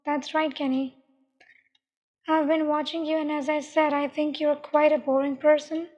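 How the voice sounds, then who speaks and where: A woman plays a cold young female killer in an audio story, teasing and slow with menace. The voice sits high and sounds dull, with a long echoing reverb around it. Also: level tone, a little mellow, lightly acted. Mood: menacing.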